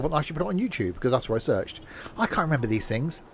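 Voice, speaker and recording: A man's voice: on the high side, very animated, fast. Rambling, self-mocking male game streamer. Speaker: streamer playing a train simulator. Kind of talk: casual live-stream commentary.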